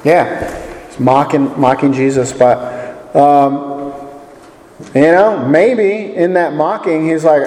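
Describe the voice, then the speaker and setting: A man's voice: a little high, slow pace, pauses often, mellow. A man leading a casual Bible study, chatty and joking as he puts questions to the group. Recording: echoey hall with long reverb.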